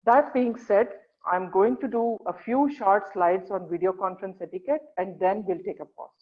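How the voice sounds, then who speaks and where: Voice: medium pitch, moderate pace. Earnest webinar presenter over tinny call audio. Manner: earnest, coaxing, often checks in with "right?". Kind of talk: online career workshop talk. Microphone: video call.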